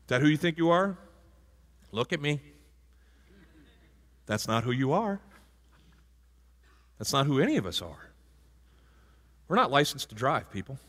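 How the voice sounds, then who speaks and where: Bright-voiced man preaching in an echoing church. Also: medium pitch, sing-song, unhurried, pauses often. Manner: conversational, asks the congregation questions. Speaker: pastor. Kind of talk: sermon. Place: church sanctuary. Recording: hall reverb from a church.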